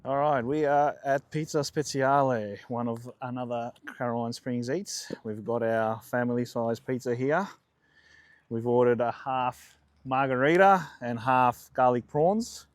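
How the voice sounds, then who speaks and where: A man's voice: medium pitch, a little slow, no echo. A man in his forties with an Australian accent, chatting casually as a food vlogger and rambling through anecdotes. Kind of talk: casual food vlog storytelling.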